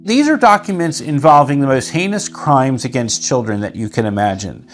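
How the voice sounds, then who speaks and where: Lively-voiced man, grave and emphatic. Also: medium pitch, normal speed. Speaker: interviewee, activist. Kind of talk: documentary interview. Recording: faint music underneath.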